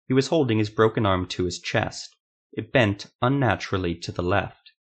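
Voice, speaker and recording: A man with a low voice narrating a fantasy story. His delivery is steady and measured, with scripted, even storytelling.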